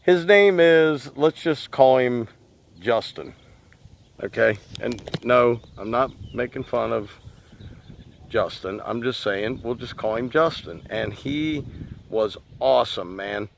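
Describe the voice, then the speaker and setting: A man's voice: medium pitch, slow pace, gravelly, slight background noise. A man who runs a lawn care business, telling a story casually to camera and talking straight to his viewers. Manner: chatty, addresses viewers as guys. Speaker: lawn care business owner and channel host.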